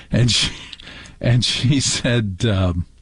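A man hosting a radio show, telling a family story as a lively monologue and raising his pitch to quote relatives. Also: extremely slow, breathy edge, no room sound.

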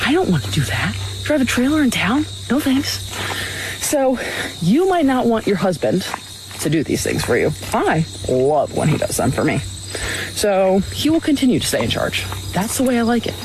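A woman's voice: medium pitch, wildly swooping pitch, moderate pace, noisy background. A woman talking emphatically to camera in a matter-of-fact manner. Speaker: video creator. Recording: music playing behind.

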